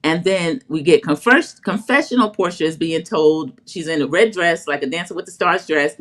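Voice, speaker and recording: Speaking deeply at a normal pace with a slightly bright tone, this co-host retells a reality show episode on a casual chat show. Her storytelling is chatty, and she slips into a put-on voice to quote people.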